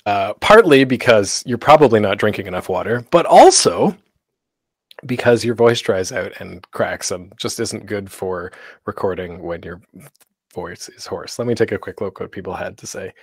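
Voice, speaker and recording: A man's voice: fairly low pitch, lively intonation, normal speed, slightly rough, dry recording, clean studio sound. A man hosting a convention panel, giving tips in a casual, live-streamed workshop talk full of fillers. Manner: chatty, with many fillers.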